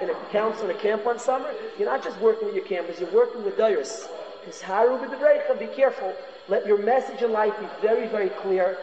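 A Torah class teacher gives an informal lecture in a high, somewhat dark voice, speaking earnestly and frequently repeating phrases for emphasis. The sound is dull and lo-fi, with a hall-like echo.

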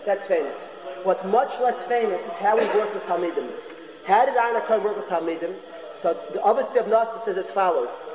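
A man's voice: high-pitched, expressive, a little fast, a crowd in the background. A man giving an informal Torah lecture. He is earnest and often repeats his phrases for emphasis. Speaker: Torah class teacher. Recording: echoey hall, dull lo-fi sound.

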